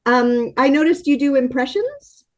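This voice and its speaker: A woman hosting a casual interview, asking her questions in a hesitant, halting way. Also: high voice, lively intonation. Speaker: podcast host.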